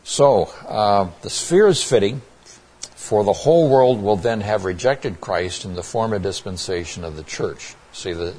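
A man's voice: on the low side, a little hiss or hum. A man preaching a Bible sermon, earnest and plainspoken, often restarting his words with fillers.

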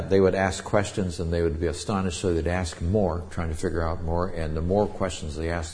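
A pastor teaching a sermon in a relaxed, conversational way, explaining Greek words from Scripture. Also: male voice, sits low. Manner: conversational Bible teaching with Greek word studies.

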